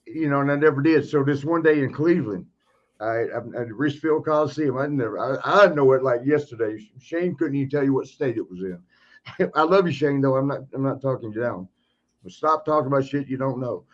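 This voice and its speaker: A man's voice: medium pitch, brisk, dull audio. A man who hosts a podcast, telling rambling wrestling stories with laughter and frequent restarts. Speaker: podcast host, retired wrestler. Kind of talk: casual storytelling.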